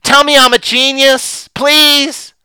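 A man putting on the voice of a whiny male investor who begs to be flattered and told he is right, in a pleading, mocking tone. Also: extremely high pitch, takes it slowly, no echo, voice pushed up, heavily acted.

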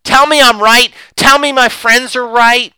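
A man putting on the voice of a whiny male investor who begs to be flattered and told he is right, in a pleading, mocking tone. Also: very high voice, a little slow, clean tone, dry recording, pitched above the performer's own voice, exaggerated voice.

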